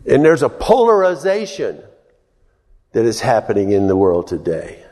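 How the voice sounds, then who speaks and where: A pastor preaching a sermon in a folksy, storytelling way, chuckling and breaking into loud exclamations. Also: male voice, medium pitch, wildly swooping pitch, normal speed. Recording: long hall reverb.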